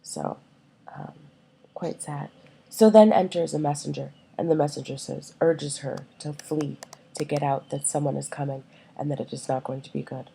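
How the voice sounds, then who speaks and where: A woman's voice: low-pitched, fairly even intonation, moderate pace, gravelly, dark tone, slightly rough, low-quality recording. A woman teacher giving a recorded class lecture, explaining with many fillers and checking that her listeners follow.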